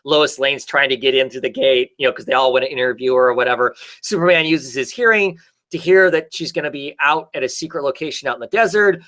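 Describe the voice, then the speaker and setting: A man's voice: mid-range voice, fast, bright, forceful tone. A man in a casual chat, rambling through a comic story with lots of fillers and restarts. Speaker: podcast co-host.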